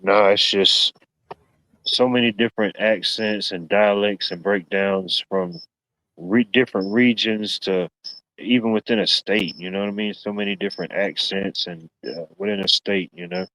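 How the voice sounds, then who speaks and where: A man's voice: on the low side, fairly even intonation, normal speed, fairly bright tone, low-quality recording. A man hosting a casual live stream, joking and rambling, peppering his talk with "you know what I mean". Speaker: stream host.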